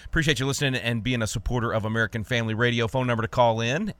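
A man from Texas hosting a talk radio show, talking fast and emphatically with frequent repeated words. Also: mid-range voice, steady tone, fairly bright tone, dry recording.

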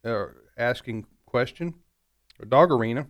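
A man's voice: medium pitch, animated, moderate pace. Joking, rambling man hosting radio trivia. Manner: joking, rambling, self-deprecating. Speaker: radio show host. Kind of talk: casual radio trivia banter. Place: radio studio.

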